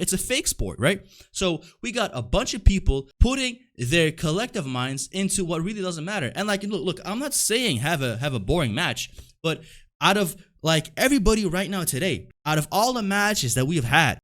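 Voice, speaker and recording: Young male commentator, slightly higher voice, animated delivery, profane and heated ranter. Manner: profane, heated, constant "like" and "right?" fillers. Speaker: wrestling commentary YouTuber. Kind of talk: ranting video commentary.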